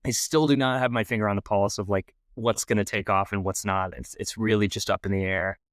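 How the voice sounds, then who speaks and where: A young man tells a long self-deprecating story on a podcast, stumbling through restarts as he goes. His voice sits low and is smooth and clear. The sound is close and dry, with no room in it. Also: steady tone, a little fast, fairly bright tone, no room sound. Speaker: guest filmmaker. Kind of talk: casual storytelling interview.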